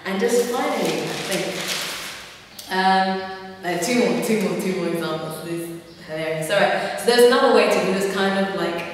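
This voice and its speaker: A woman's voice: mid-range voice, moderate pace, slight background noise. A young woman vlogger chatting casually, telling funny stories with laughs and fillers. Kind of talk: casual storytelling. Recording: very echoey room, far from mic, faint ambience.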